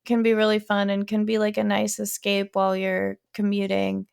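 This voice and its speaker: She speaks in a monotone at a moderate pace, her medium-pitched voice clear, resonant, a bit mellow, and touched with vocal fry. As a podcast co-host in casual chat, she rambles, using many fillers and restarting sentences often.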